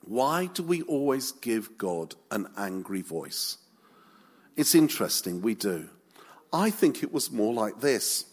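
A man's voice: mid-range voice, sing-song, slow, breathy edge. A man preaching a sermon in a chatty, humorous way with light asides.

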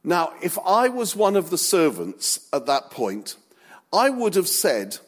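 Male preacher, slow and humorous, recorded in a hall with long reverb. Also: high-pitched. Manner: humorous, animated storytelling. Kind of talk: sermon.

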